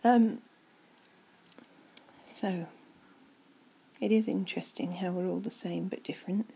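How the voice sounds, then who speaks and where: A woman doing a whispered ASMR chat, soft and rambling as she muses aloud. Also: on the low side, steady tone, measured pace, creaky, husky, low-quality recording.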